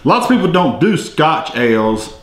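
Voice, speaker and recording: Speaking at normal speed, this podcast host has a slightly high voice with big swings in pitch. He reads brewery tasting notes aloud on his casual beer-tasting show, sounding easygoing and chatty, and the room has a noticeable echo.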